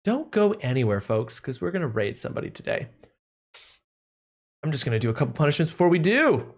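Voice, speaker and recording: A man's voice: a little high, big pitch swings, brisk. A man streaming a video game live, joking around and talking to his chat between gameplay. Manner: playful, jokey, talks to chat. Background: game music.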